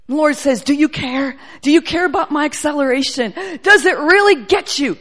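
A middle-aged woman preaching a charismatic sermon, fervent and emotional, building to near-shouts with her voice breaking. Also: sits high, lively intonation, a little fast, hardly any pauses.

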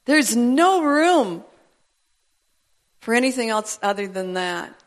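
A woman preaching a sermon in a church service, animated and building to emphatic declarations. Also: a little high, slow pace.

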